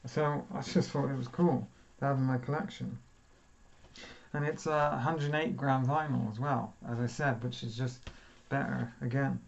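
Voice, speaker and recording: A man's voice: medium pitch, creaky, highs cut off. A man casually chatting as he unboxes vinyl records, thinking aloud and poking fun at himself.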